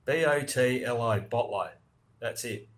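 A man's voice: medium pitch, measured pace. A man with an Australian accent co-hosting a casual comedy chat, teasing drily and full of Aussie slang. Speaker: podcast co-host.

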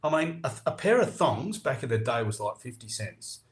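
A man's voice: mid-range voice, very animated, moderate pace. An Australian man hosting a casual podcast chat, ranting with heavy swearing. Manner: profane, ranting.

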